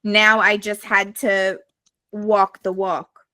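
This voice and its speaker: Blunt, profane woman with a bright voice. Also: mid-range voice, flat delivery, slow, no room sound. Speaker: podcast guest. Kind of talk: candid storytelling to a live audience. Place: live podcast recording.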